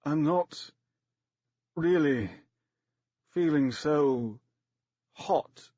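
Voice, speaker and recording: A man voicing a pale, dying male film actor who speaks weakly and haltingly, in a dry, slightly dull recording. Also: fairly high pitch, mellow, no room sound. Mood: feeble. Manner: weak, faltering.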